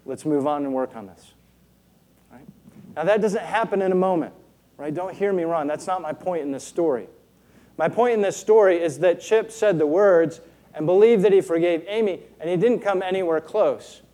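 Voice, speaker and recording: A man's voice: a little high, mellow. A man preaching a sermon as a pastor, earnest and rhetorical, often checking in with the congregation with "right?".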